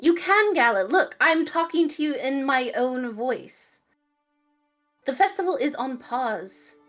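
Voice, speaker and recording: A woman playing in a tabletop game, chatting casually and quick to laugh. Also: high voice, animated, a bit bright, faint music behind. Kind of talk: casual table talk between players.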